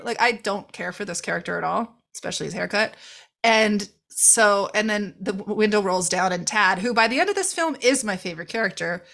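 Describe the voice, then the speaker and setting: A woman's voice: medium pitch, animated, fairly quick, vocal fry, fairly bright tone. A woman co-hosting a podcast, chatting casually and animatedly about a movie, laughing and swearing as she acts out the characters. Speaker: podcast co-host reviewing a movie. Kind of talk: casual chat.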